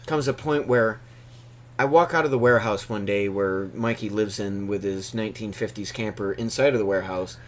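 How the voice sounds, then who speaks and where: A man's voice: fairly low pitch, brisk, a little hiss or hum. A man casually telling a long profane story on a podcast, rambling and acting out the voices of people in it.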